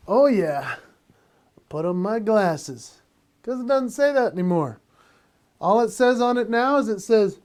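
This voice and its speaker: A man's voice: sits high, animated, a little slow, long pauses, darkish tone. A man doing a playful, self-mocking comic monologue from his home office and laughing at his own jokes. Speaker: comedian and entertainer.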